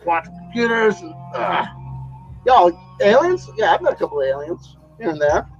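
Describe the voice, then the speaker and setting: A man's voice: sits high, big pitch swings, normal speed, lo-fi sound, faint music behind. A man voicing a boastful fake secret space program scientist, interviewing himself in a mock-serious act. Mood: mock-bragging. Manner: mock-serious, playing both sides of an interview.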